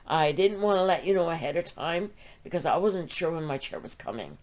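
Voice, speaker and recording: A middle-aged woman with a low, expressive, darkish voice hosts a crochet podcast and talks fairly quickly. She emotionally gushes her thanks to viewers in a heartfelt, rambling way, often restarting.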